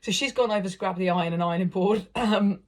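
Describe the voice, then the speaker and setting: A woman's voice: medium pitch, a little fast, a little mellow. A British woman casually telling a personal story to camera, chatty and rambling with lots of "like" and "um". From United Kingdom. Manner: chatty and rambling, heavy use of "like" and "um". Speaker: vlogger, former prisoner.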